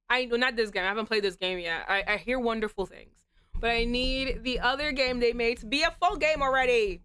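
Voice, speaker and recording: A woman streamer chatting casually to her viewers while getting over a cold, with a slight rasp in her throat, giggly and chatty with sudden animated outbursts. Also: a little high, normal speed, no room sound. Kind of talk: casual live-stream chat.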